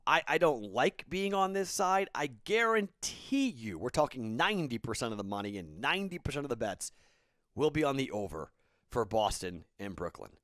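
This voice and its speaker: A man's voice: medium pitch, very animated, normal speed, fairly bright tone, no echo, studio quality. A man in his thirties, a podcast host, telling a casual rambling story and then giving betting picks, tired and self-correcting.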